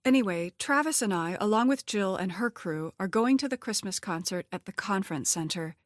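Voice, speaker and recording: A woman's voice: medium pitch, lively intonation, brisk, dry recording, natural voice. Hesitant, flustered widowed mother, read by a woman narrator, dry close recording. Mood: nervous, flustered. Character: nervous widowed mother, young adult woman.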